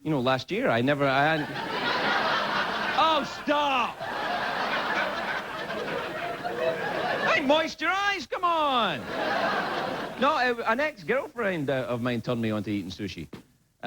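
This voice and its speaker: A man's voice: mid-range voice, huge pitch swings, fast talker. A Scottish man, a late-night talk show host, delivering a rambling comedy monologue with lots of stammering restarts. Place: TV studio. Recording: loud background noise.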